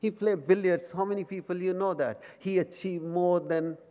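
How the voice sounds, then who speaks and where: A man's voice: sits high, fairly even intonation, normal speed, dark tone. A man in his fifties with an Indian accent, giving a humorous lecture in simple English mixed with Hindi and joking about himself. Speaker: guest speaker at a memorial lecture. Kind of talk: humorous speech to a live audience. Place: large lecture hall. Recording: long hall reverb.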